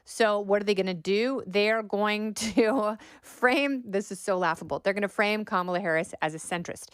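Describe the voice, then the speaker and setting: A woman's voice: mid-range voice, moderate pace, clear, resonant tone, no echo, studio quality. A middle-aged woman hosting a political podcast, giving opinionated commentary with a sarcastic edge and mocking impressions of talking points. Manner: sarcastic, mocks quoted talking points in exaggerated voices. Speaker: podcast host.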